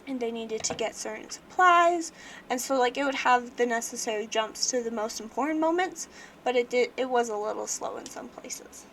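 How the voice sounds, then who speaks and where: Young woman streamer, higher-pitched voice, chatty and rambling, faint background hiss. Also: normal speed, a bit bright. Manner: chatty, rambling, many fillers and restarts. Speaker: livestream host. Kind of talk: casual book review chat.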